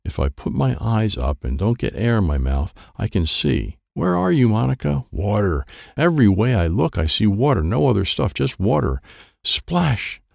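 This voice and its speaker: A man reading a children's chapter book aloud with plenty of playful animation, his low voice gravelly and rising and falling in wide swings. He voices the sound effects himself, and the recording is close and dry. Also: big pitch swings, moderate pace, hardly any pauses, a little mellow, dry recording. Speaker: audiobook narrator.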